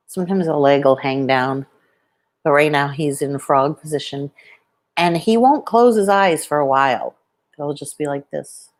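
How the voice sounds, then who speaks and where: A woman chatting casually on a live stream at home, showing her pet lizard and talking softly about it, into a plugged-in microphone. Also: sits low. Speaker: vlogger.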